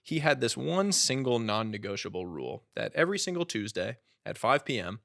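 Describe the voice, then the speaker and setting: A man in his thirties speaking as a podcast guest and author, telling stories in an earnest, animated way. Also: medium pitch, a little fast, gravelly, dry recording, clean studio sound. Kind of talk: conversational storytelling.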